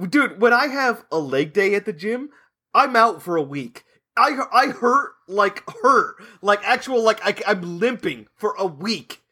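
Animated high-voiced ranting man. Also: measured pace. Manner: animated, self-mocking ranting with frequent laughter and swearing. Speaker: podcast co-host. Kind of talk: casual podcast banter.

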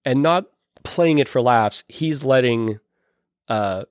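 Male podcaster, mid pitch, rambling and enthusiastic, dry close sound. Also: takes it slowly, clear, resonant tone, no room sound. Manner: rambling, many restarts, enthusiastic. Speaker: podcast host or guest discussing films. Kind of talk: casual chat.

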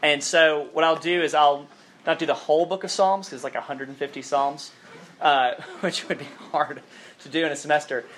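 A campus minister from southern Alabama, his Southern accent faded, gives a chatty, informal sermon and reads scripture aloud. He's self-deprecating and uses many fillers, speaking at normal speed in a fairly high, steady, fairly bright voice.

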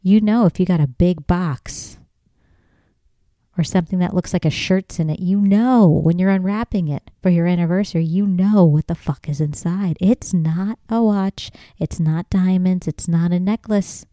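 A young woman talks alone on her podcast in a loose, swearing rant that keeps climbing into loud emphasis. Her voice sits a little low, mellow and smooth. The sound is dry and close. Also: moderate pace, dry recording. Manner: profane, ranting, gets loud and emphatic. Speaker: podcast host. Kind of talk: casual solo monologue.

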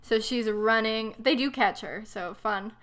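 A young woman in casual chat, retelling a book plot with sarcastic, animated mocking voices. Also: fairly high pitch, unhurried. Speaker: book discussion co-host.

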